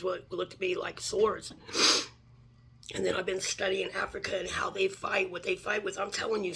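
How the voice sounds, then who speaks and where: Tearful man, high and gravelly. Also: bright, forceful tone, slight background noise. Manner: intense, condemning. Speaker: religious speaker. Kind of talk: emotional religious message.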